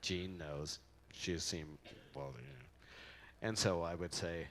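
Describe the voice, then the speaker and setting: A man's voice: sits low, slow pace, fairly bright tone, slight background noise. A man speaking at a memorial, giving a casual, rambling eulogy full of anecdotes and jokes about his friend into a microphone. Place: convention center event hall.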